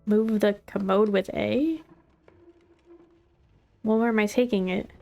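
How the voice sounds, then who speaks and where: A woman's voice: mid-range voice, fairly even intonation, takes it slowly, creaky, darkish tone, faint music behind. A woman chatting casually and joking to herself as she plays a video game. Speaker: gameplay commentator. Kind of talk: casual gameplay commentary.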